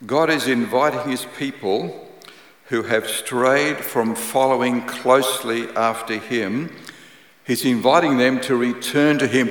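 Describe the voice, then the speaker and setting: A man preaching a sermon, praying and reading scripture in a measured, earnest way, repeating key phrases. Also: mid-range voice, a bit bright. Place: church hall. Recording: echoey church hall with long reverb.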